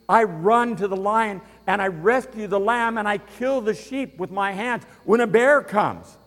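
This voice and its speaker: A man's voice: high-pitched, a bit bright, voice pushed up. A man voicing the young shepherd David, defiant and emphatic, declaiming. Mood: earnest. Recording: reverberant hall.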